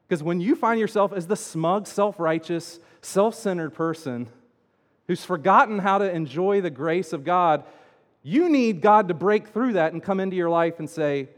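A man preaching a sermon as pastor, swinging between loud emphatic lines and quiet asides. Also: on the high side, lively intonation, normal speed. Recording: long hall reverb.

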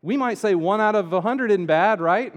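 A man preaching a sermon as pastor, swinging between loud emphatic lines and quiet asides. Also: sits high, normal speed. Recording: long hall reverb.

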